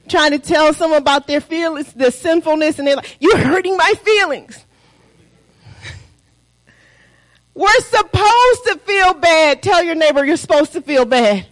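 A woman's voice: very high-pitched, a bit bright, low-quality recording. A woman preaching a sermon, asking the congregation rhetorical questions and calling for responses.

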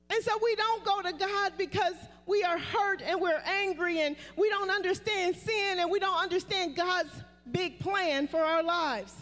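A woman's voice: extremely high pitch, normal speed, hardly any pauses, a bit bright. A woman pastor preaching a sermon, calling on the congregation to repeat her words. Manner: preaching with call-and-response prompts to the congregation. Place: church sanctuary. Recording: live church recording with long reverb.

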